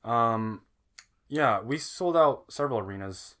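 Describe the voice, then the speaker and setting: A young adult man with a bright, forceful edge to his voice, trading deadpan jokes on a casual podcast. He rambles, hesitates and loops back over his words, keeping his pitch in an ordinary middle range. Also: a little slow. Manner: dry, rambling, deadpan jokes with many fillers. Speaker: podcast co-host. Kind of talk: joking casual podcast chat.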